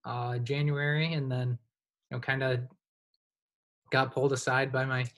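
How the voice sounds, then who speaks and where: Young man talking in a flat voice. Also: medium pitch, a little slow. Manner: relaxed, rambling, heavy use of "you know". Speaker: guest, college hockey goaltender. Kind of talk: casual podcast interview.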